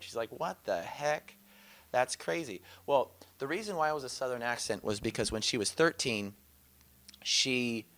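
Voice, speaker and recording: A man leading a teaching session, his voice bright and forceful. He tells anecdotes eagerly and laughs often. His delivery is loose and conversational. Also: mid-range voice. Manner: enthusiastic storytelling, laughs often.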